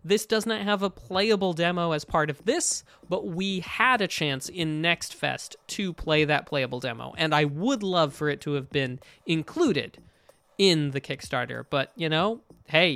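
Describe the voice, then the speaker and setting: A man co-hosting a live gaming show, chatting casually and thinking out loud at length. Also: a little high, vocal fry, no room sound. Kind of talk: casual live-stream chat.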